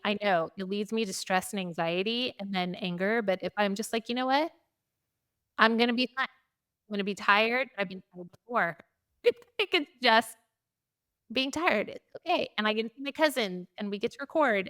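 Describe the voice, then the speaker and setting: A middle-aged woman telling a chaotic travel story in a casual chat, animated and laughing often, acting out quotes in a higher voice. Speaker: podcast host.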